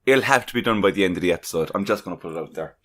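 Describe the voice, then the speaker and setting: A man's voice: low voice, expressive, rapid-fire. A man co-hosting a podcast, telling stories in casual chat, incredulous and swearing freely. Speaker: podcast co-host.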